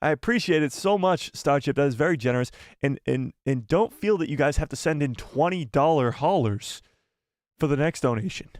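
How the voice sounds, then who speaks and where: A man hosting a casual live stream, talking in an excitable, exclamatory way and reading viewer donations. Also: fairly high pitch, brisk, no echo, studio quality.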